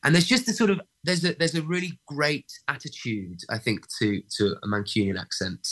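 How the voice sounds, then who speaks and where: A man's voice: medium pitch, moderate pace, a bit bright. A young man, an actor, chatting in an interview, hesitant and full of fillers and restarts. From England. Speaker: actor guest. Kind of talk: casual interview chat.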